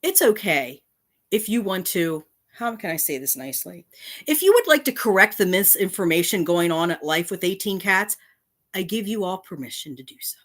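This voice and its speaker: Low-voiced woman host, indignant rant, profanity. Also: animated, moderate pace, fairly bright tone. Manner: indignant, reading out comments and swearing. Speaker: channel host. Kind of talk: angry response rant.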